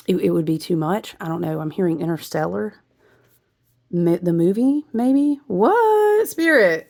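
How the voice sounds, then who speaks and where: Woman, low and creaky, rambling intuitive astrology reader. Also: darkish tone. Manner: rambling, intuitive, with laughs and asides. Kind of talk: spiritual astrology talk.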